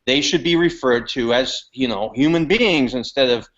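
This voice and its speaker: A man co-hosting a casual chat, reading out viewer comments in a hesitant, halting way. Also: mid-range voice, a bit bright. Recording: dull lo-fi call audio.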